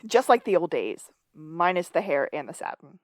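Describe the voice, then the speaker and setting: Low-voiced woman recapping, dry sound. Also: big pitch swings, normal speed, darkish tone, dry recording. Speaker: podcast co-host. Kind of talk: casual episode recap chat.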